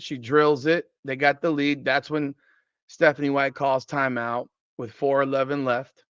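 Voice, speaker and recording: A man's voice: medium pitch, fairly bright tone, clean tone, no echo. A man hosting a podcast, giving blunt, profane, exasperated post-game basketball commentary. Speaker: podcast host. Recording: dry, slightly dull lo-fi sound.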